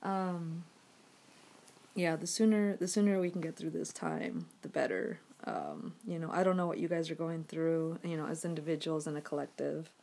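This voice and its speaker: A woman's voice: deep voice, lively intonation, brisk, creaky, hardly any pauses, a little mellow. Rambling, swearing woman vlogger. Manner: frustrated, swearing, filler-heavy. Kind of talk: casual rambling to camera. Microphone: phone.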